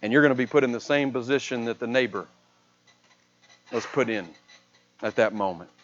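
In his sermon, a man recounts a scripture story, moving dramatically between raised and hushed delivery in a mid-range voice at normal speed. The recording has its highs cut off and a little hiss or hum.

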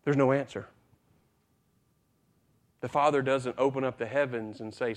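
A man preaching a sermon, retelling a story with dramatic swings between loud passages and hushed ones. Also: medium pitch, steady tone, normal speed, long pauses. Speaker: pastor.

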